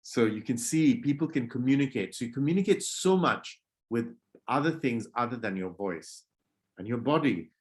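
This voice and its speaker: A man leading an online public speaking workshop for children over a video call, acting out greetings to show different moods and gently scolding kids who disrupt. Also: medium pitch, expressive, normal speed. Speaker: workshop presenter.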